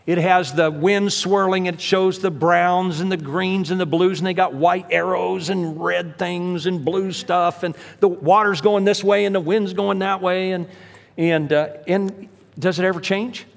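A man preaching a sermon as pastor, telling stories in an animated way and acting out the voices he quotes. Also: high-pitched, a little slow, creaky. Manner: animated storytelling, acts out quotes. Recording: long hall reverb.

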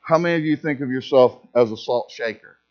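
A man's voice: medium pitch, brisk, muffled recording. A male pastor preaching a sermon at a church service, emphatic, repeating key phrases and asking the congregation questions.

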